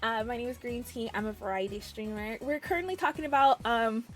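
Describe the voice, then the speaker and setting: A woman's voice: fairly high pitch, a little fast, soft background music. A young woman streamer chatting casually with her viewers, gushing and giggling, often restarting her sentences. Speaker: variety streamer.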